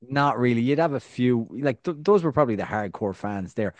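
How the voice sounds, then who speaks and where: A man's voice: mid-range voice, expressive, brisk, no room sound. Man rambling through casual football talk. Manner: rambling, full of "like" and restarts. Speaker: podcast co-host.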